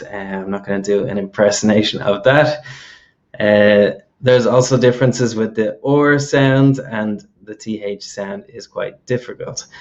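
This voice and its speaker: The host is a man from Ireland with a mild Irish accent and a fairly low, slightly mellow voice, its high frequencies cut off. He patiently explains a lesson using examples, frequently checking in with "okay?" along the way.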